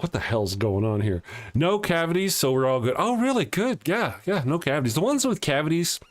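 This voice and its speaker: A man hosting a casual live morning show, reading viewer comments aloud and joking, often chuckling as he talks. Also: mid-range voice.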